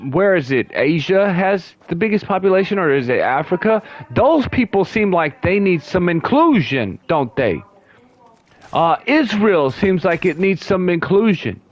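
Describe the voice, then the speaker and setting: A man's voice: high-pitched, sing-song, dry recording, highs cut off. A man from the United States chatting loosely while streaming a game, rambling, restarting sentences and chuckling now and then. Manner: slow, drawn-out delivery. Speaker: gaming livestreamer. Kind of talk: casual livestream chatter.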